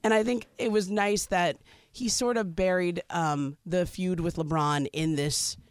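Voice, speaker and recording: A woman co-hosting a podcast, talking sports in a chatty, animated way. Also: fairly low pitch, clear, resonant tone, no echo, clean studio sound. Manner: chatty, animated, quick asides. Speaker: podcast co-host. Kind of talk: casual sports chat.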